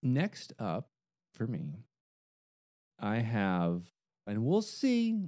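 A man co-hosting a podcast, joking in a halting way about upcoming video games. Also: lowish voice, wildly swooping pitch, warm tone. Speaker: podcast co-host.

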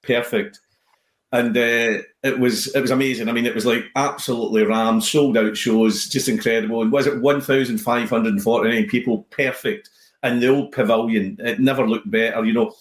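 A Scottish man tells stories with animated energy, often restarting his sentences. His voice sits at a middle pitch. The recording has a roomy echo. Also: normal speed. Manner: animated storyteller, many restarts. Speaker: comedian guest. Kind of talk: casual chat.

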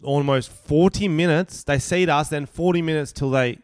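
Young male podcast co-host, lively storyteller who swears freely, slightly high voice, dry close sound. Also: moderate pace, clear, resonant tone, dry recording. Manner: animated, swears freely, laughs often. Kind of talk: casual chat, storytelling.

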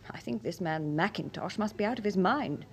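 A woman playing a poised novelist, sardonic, sharp-tongued, radio drama. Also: medium pitch, expressive, brisk, lightly acted. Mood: wry.

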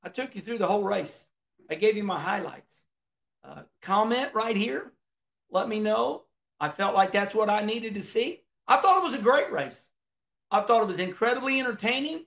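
A man's voice: high-pitched, animated, normal speed, gravelly, a bit bright. A middle-aged man, chatting casually about a race in a folksy, rambling way, often restarting his words. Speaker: racing commentator. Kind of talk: casual video commentary.

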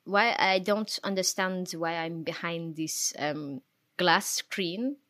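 Hesitant fake-French captive, as a woman puts him on, soft and mumbling, lots of "uh". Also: on the low side, slow pace. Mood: mock-forlorn. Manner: quiet, hesitant, with many "uh"s. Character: mock-French captive guest, sad and bewildered.

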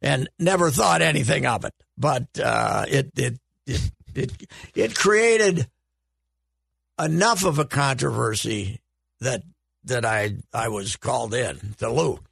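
An older man on a sports talk show, telling stories in an animated way and bursting into loud exclamations. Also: mid-range voice, slow pace, gravelly, husky, no room sound, clean studio sound. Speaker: sports radio regular. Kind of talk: casual chat.

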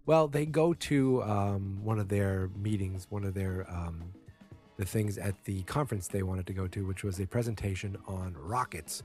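A man's voice: sits low, moderate pace, a little mellow, faint music behind. A man casually retelling a TV episode, rambling with fillers and restarts and briefly acting out characters' lines. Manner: acts out character lines with small voice shifts. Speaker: TV episode recapper. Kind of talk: casual spoken recap.

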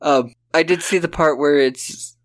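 A man's voice: a little high, a little slow. A man co-hosting a podcast, casually and sarcastically recapping a film and acting out lines in silly voices. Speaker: podcast co-host. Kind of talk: casual movie-recap chat.

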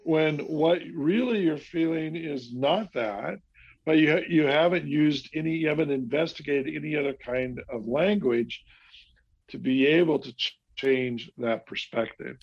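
A man's voice: a little high, a little slow, slightly rough, lo-fi sound. A man talking in a casual discussion who often adds short agreements and acts out how a client speaks.

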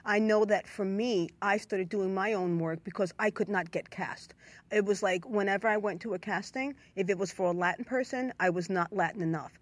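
A woman with a New York accent, a writer and performer hosting, chatty and expressive in casual conversation. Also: medium pitch, no echo. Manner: chatty, expressive, quick reactions.

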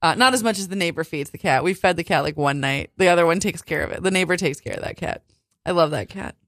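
Animated woman telling a story. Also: fairly low pitch, fast. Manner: animated storyteller, acts out quotes. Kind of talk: casual chat.

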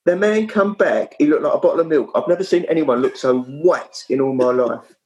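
A man, a former kit man, telling anecdotes as a guest in casual chat, with lively storytelling. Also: a little high, brisk, low-quality recording. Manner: animated, lively storyteller with frequent restarts.

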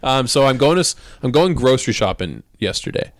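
A man's voice: mid-range voice, big pitch swings, brisk. Laid-back young man, swearing storyteller. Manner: swears freely, tells stories laughing. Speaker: podcast co-host. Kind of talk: casual chat.

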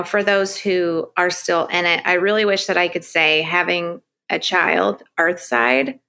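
Middle-aged female guest, candid and emphatic, bright tone with vocal fry. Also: lowish voice. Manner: open, emphatic, laughs often. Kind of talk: candid podcast conversation.

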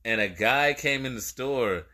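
A man's voice: medium pitch, unhurried. A young man co-hosting a podcast, chatting casually and acting out the people in his stories. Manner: animated storyteller, acts out quoted exchanges. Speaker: podcast co-host. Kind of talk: casual chat.

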